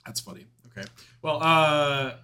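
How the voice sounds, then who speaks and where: A man's voice: a little high, animated, normal speed, bright, forceful tone. A young man chatting casually while creating a tabletop game character, laughing often and swearing freely. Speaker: player creating a paladin. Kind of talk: casual chat.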